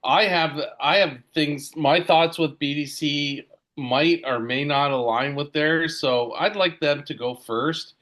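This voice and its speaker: Male panel guest from Canada, dry and wry, bright tense voice. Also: on the high side, takes it slowly. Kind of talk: casual panel talk.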